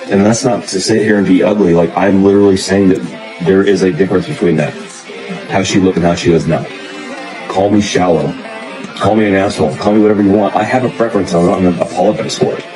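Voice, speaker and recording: A man with a very deep voice rants straight to camera, blunt and intense, with swearing peppered through every sentence. Loud music plays under the clip. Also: fairly even intonation, fast talker, rough recording. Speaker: dating content creator. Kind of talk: ranting to camera.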